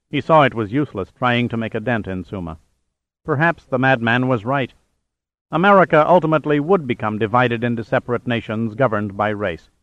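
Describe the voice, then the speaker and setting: A man reading a thriller audiobook in a measured, even narration. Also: medium pitch, no room sound, muffled recording. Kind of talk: scripted narration.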